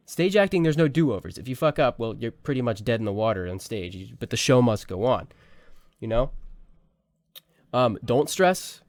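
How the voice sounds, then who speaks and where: Young male tutor, mid-pitched, loose and chatty, dry close-mic sound. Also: moderate pace, no echo. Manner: relaxed, rambling, many fillers and restarts. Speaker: voice acting teacher. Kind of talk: casual tutorial talk. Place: small home room.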